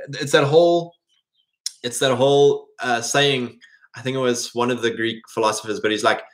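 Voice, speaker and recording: A man's voice: mid-range voice, fairly bright tone. A man giving an earnest, rambling faith-based motivational talk to men, full of restarts and fillers, his voice a little strained. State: voice strained, coughing and clearing throat.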